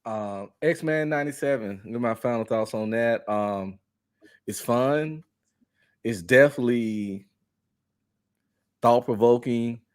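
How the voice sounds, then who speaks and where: A man's voice: mid-range voice, takes it slowly, pauses often, clean tone. A man as a podcast guest in casual chat, slangy and joking with frequent laughs.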